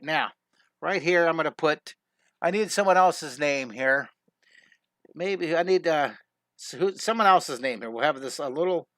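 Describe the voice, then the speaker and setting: Chatty and upbeat, this man hosts a live online drawing lesson, narrating every step and frequently restarting or correcting himself as a drawing teacher and show host. His pitch is fairly high and a bit bright, and the recording is dry with clean studio sound.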